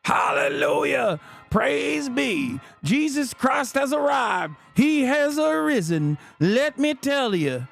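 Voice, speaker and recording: A man putting on the voice of an exultant male preacher, booming out drawn-out, sing-song exclamations. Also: sing-song, vocal fry, fairly bright tone, faint music behind, exaggerated voice.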